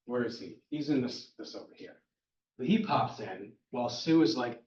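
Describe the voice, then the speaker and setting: A man's voice: mid-range voice, expressive, normal speed, a little mellow. Wry man recapping a comic, roomy. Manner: chatty, wry, speeding through plot points. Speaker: podcast host recapping a comic. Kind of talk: casual comic-book recap. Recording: roomy, distant, dull-sounding mic.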